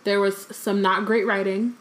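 A woman's voice: mid-range voice, little pitch movement, a little slow, slight background noise. A woman co-hosting a podcast, chatting casually with fillers and reading a book aloud in between.

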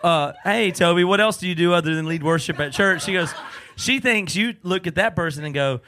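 A man's voice: fairly high pitch, fairly quick, pushed and bright, a little hiss or hum. A man co-hosting a live podcast, teasing the audience with dry jokes. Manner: teasing, wry. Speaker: podcast co-host.

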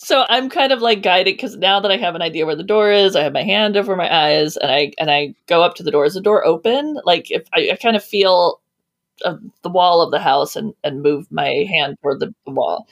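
A woman playing a tabletop role-playing game, describing her character's actions in a halting way with many restarts. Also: on the low side. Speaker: player.

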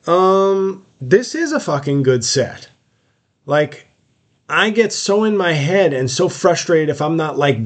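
A man hosting a podcast, telling a long personal story in a casual monologue, full of fillers and restarts. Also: on the high side. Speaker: podcast host, comedian.

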